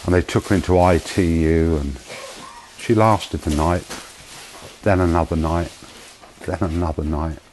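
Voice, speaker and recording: Man, very low voice, emotional testimony, slow tender storytelling, faint background noise. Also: steady tone, darkish tone, low-quality recording. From United Kingdom. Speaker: charity founder giving testimony. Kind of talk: personal testimony.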